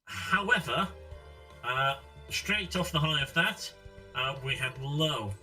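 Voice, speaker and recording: A man's voice: a little high, lively intonation, slow pace, bright, forceful tone, soft background music, rough recording. A man casually recapping a game on a stream, rambling with many fillers, his audio sounding robotic over an online voice call. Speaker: let's-play streamer.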